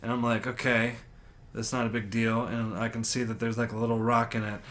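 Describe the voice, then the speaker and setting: A man co-hosting a podcast, telling a story in casual chat, animated and swearing a lot as he acts out his own reactions. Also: medium pitch, fairly quick. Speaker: podcast co-host.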